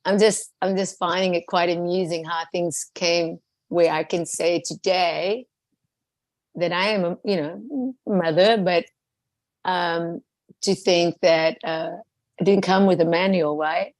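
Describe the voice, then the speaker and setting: A middle-aged woman chatting casually in a group, animated and laughing, with many restarts. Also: lowish voice, takes it slowly, dry recording. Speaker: group participant. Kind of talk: casual chat.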